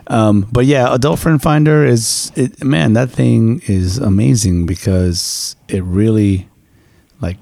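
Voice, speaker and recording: Brief: low, gravelly male co-host, dark tone, dry close sound, loose and profane, quick to laugh. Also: dry recording. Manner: laughs often, swears freely, rambling. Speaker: podcast co-host. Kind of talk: casual chat.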